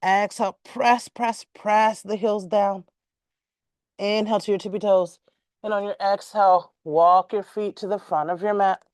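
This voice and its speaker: Woman, yoga instructor, calm measured cues, mid pitch, dry sound. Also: no echo. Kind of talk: guided yoga class cues.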